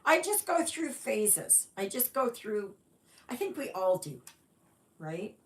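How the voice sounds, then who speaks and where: A woman's voice: a little high, sing-song. A woman from Canada hosting a casual stitching livestream, chatting unhurriedly and greeting viewers by reading their comments aloud. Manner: unhurried, rambling with fillers. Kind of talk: casual live-stream chat.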